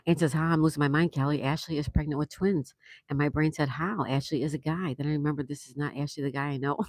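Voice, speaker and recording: A woman's voice: low-pitched, dry recording. A woman hosting a livestream, chatting casually and greeting viewers by name as she reads their comments aloud. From Florida. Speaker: livestream host.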